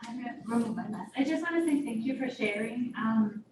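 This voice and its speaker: A woman's voice: fairly high pitch, brisk. A woman from Mexico, hosting a meeting, thanking the speaker with hesitant fillers. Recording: echoey room from far off with noise.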